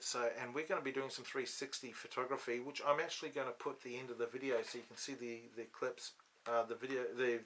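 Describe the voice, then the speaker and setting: A man's voice: medium pitch, fairly bright tone. A man hosting a casual studio chat, rambling with many restarts and ums, on a studio microphone. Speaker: host. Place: podcast studio.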